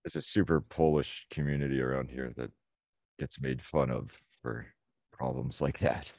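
A man co-hosting a podcast, throwing in dark jokes and short quips. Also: very deep voice, fairly even intonation, normal speed, creaky, no room sound, clean studio sound. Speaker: podcast co-host. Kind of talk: casual profane chat.

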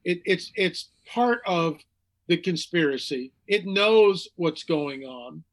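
Slow-paced yet lively in intonation, this high-voiced American guest gets emphatic in an animated interview. He repeats phrases for effect and puts on mocking voices when quoting people.

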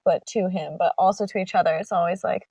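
A woman's voice: fairly low pitch, steady tone, fast, creaky, mellow, no echo. Giggly woman heard from a distance. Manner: giggly, tries out joking accents. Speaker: podcast co-host. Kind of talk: casual chat. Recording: dry, distant, muffled lo-fi audio.

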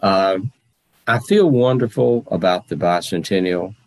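A man portraying an aging Civil War general and president in first person, speaking with slow, deliberate, formal phrasing. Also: low voice, no echo. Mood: earnest. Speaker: historical reenactor in character.

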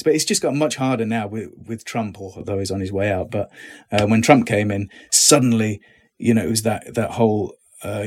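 A middle-aged British man, an actor, talking casually in an interview, relaxed and self-deprecating with many restarts. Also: fairly low pitch. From Britain.

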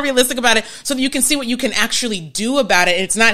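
Woman therapist, live-stream teacher; bright, forceful tone, emphatic with frequent restarts. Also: on the high side, fast. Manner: emphatic, restarts often, laughs at herself.

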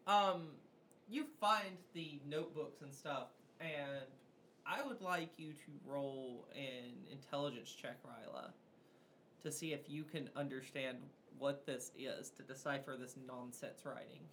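A game master narrating a tabletop game in a relaxed, casual way, with many fillers. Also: mid-range voice, a little slow, a little hiss or hum.

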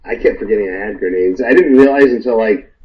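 A man who is a podcast guest, talking in a laid-back, low-key casual chat. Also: fast. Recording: distant dull lo-fi mic.

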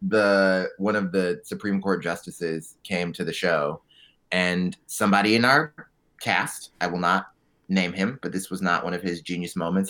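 A man co-hosting a podcast in casual chat, telling profane, animated stories with quick asides. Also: sits low. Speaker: podcast co-host.

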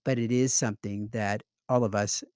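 Reflective podcast host, dry close sound. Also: male voice, fairly low pitch, fairly even intonation, normal speed, a little mellow, dry recording. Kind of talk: casual podcast talk.

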